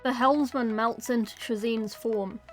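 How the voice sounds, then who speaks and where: A woman's voice: a little high, steady tone, unhurried, faint music behind. A woman casually reading a novel aloud, with playful, chatty asides. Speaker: book reader.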